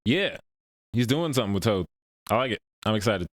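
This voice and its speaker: A man co-hosting a movie review podcast, relaxed and agreeable in casual chat. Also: mid-range voice, brisk, no echo. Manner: relaxed, agreeable, lots of backchannel. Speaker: podcast co-host.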